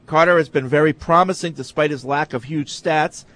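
A man's voice: fairly high pitch, normal speed, fairly bright tone. Man, sports talk co-host, reads listener mail, easygoing, casual. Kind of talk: casual sports talk, reading emails aloud.

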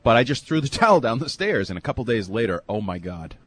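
A man co-hosting a sports talk show who tells lively stories and breaks down the players. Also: medium pitch, fast talker, husky, no room sound. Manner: animated storyteller and analyst.

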